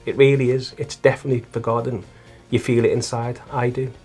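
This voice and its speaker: A man's voice: medium pitch, level tone, fairly quick, darkish tone, breathy edge, faint music behind. A middle-aged man with a Liverpool accent, telling his faith story earnestly as an interview guest, often stumbling and repeating words. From Liverpool, England. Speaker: guest, taxi driver and volunteer listener. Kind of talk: casual testimony interview.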